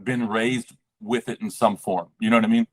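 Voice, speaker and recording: A man's voice: fairly low pitch, fairly even intonation, moderate pace. A man in casual podcast chat, rambling with lots of fillers and the odd swear. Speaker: podcast guest.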